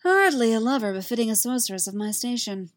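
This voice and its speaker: A woman voicing a proud, sharp-tongued sorceress with a hoarse, raspy voice and cutting manner. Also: a little high, very animated, fast, no room sound. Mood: haughty. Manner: haughty, cutting.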